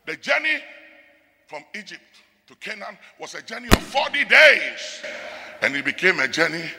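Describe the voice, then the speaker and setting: A high, very sharp male voice with heavy gravel in it, rising and falling widely as he preaches. He drops low and soft, then bursts out into shouts. The sound rings out with a long reverb, as in a large church hall. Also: very animated, moderate pace. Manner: swings from quiet to shouting; speaks in tongues. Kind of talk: sermon.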